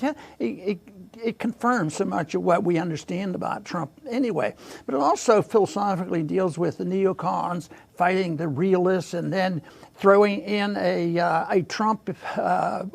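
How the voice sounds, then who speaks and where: A man hosting a casual political discussion, halting and repeating words as he chuckles through his points. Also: sits high, creaky. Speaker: podcast host.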